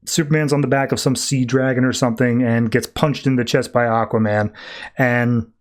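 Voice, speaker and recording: A man's voice: mid-range voice, fairly even intonation. A man hosting a podcast, casually recapping a comic book and acting out the characters' quotes. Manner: chatty, acts out quotes in quick voices. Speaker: podcast host.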